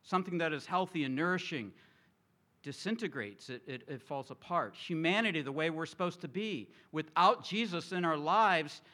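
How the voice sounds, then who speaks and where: Bright-voiced male pastor preaching. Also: on the high side, moderate pace. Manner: animated, engages congregation with questions. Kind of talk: sermon. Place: church sanctuary with congregation.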